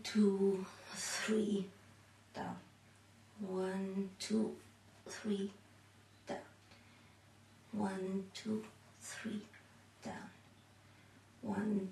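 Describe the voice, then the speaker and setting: A woman demonstrates exercises at home and counts each repetition slowly while she moves. She sounds a little out of breath. Her voice comes from some distance away, in an echoey room. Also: medium pitch, creaky, a little mellow, slight background noise. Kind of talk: counting through a workout demonstration. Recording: echoey room, mic far off.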